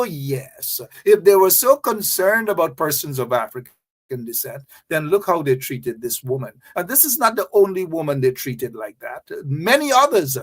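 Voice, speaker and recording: A man hosting a political commentary show, reading out a news item and then railing against it with indignant, mocking repetition. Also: on the high side.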